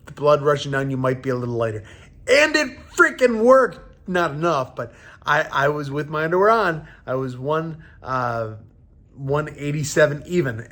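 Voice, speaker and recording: A man in his thirties, a professional fighter, telling a story casually in a halting way and acting out the lines of the people in it. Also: a little high, a bit bright. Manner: halting retelling, acting out quoted dialogue.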